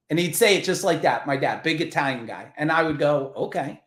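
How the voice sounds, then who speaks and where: New guy, middle-aged, swears a lot telling stories, kinda high voice, roomy echo. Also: moderate pace. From New Jersey. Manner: animated, profane, acts out quoted voices. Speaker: podcast guest, business coach. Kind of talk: casual interview storytelling.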